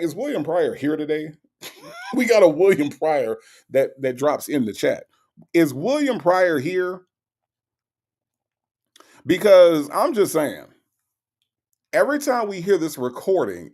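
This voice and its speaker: Gravelly-voiced man hosting a live stream. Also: a little high, darkish tone. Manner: playful, mocking, reads chat aloud. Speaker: host of a live call-in commentary stream. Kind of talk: casual live-stream commentary.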